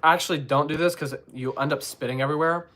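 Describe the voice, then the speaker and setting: A young man with a fairly high, fairly even voice answers trumpet questions on a live stream at a quick pace. He rambles and puts himself down, singing syllables to demonstrate his points. Background noise is present.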